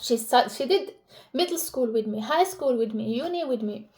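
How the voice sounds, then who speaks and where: A woman's voice: on the high side, expressive, normal speed, darkish tone. A young woman vlogger talking casually and emotionally to camera about relationships, with lots of fillers and restarts. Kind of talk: casual personal talk to camera.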